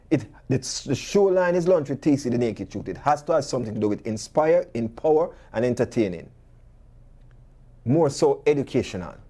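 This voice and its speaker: Jamaican male talk host, warm low-key tone, animated patois storyteller and preacher. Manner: preachy, full of rhetorical questions. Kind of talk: talk show monologue.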